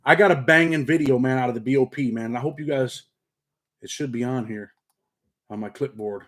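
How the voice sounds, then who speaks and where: Brisk and fairly bright, his mid-range voice belongs to a middle-aged upstate New Yorker from Rochester with a faint country twang. The channel host and paralegal chats casually on a livestream, reading comments, sounding laid-back and streetwise, using slang and saying "man" constantly.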